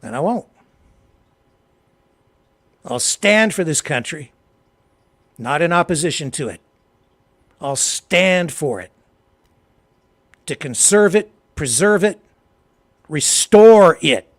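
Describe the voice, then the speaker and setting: Canadian guy hosting a political show, heated, slightly high voice, goes quiet then loud. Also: animated, takes it slowly, long pauses. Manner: swings from low and quiet to loud and emphatic; heated, addresses a co-host directly. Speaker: talk show host. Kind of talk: impassioned political commentary.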